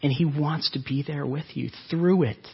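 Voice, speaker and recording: Man, pastor, sermon, husky voice, earnest, muffled recording. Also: fairly high pitch, normal speed. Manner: earnest preaching, voice swells then drops soft.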